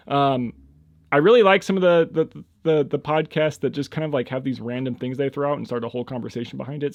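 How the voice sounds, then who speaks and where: A young man talks through a casual solo podcast with a medium-pitched voice in a dry, close recording. He rambles and hesitates, restarting his sentences often. Now and then he jumps into sudden high, excited bursts. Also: no echo, highs cut off. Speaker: podcast host.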